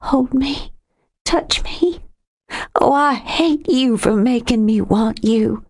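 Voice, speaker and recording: A high, sharp-tongued young woman full of pride and temper, as a woman narrator puts her on. Her voice leaps upward and snaps with indignation in this audiobook scene. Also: expressive, unhurried. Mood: breathless, passionate. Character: fiery proud young woman.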